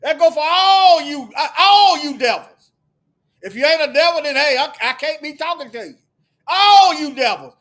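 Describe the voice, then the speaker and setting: A man delivering a heated, preachy monologue to his viewers, firing off repeated rhetorical questions and sometimes shouting. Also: extremely high pitch, lively intonation, moderate pace. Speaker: video commentator.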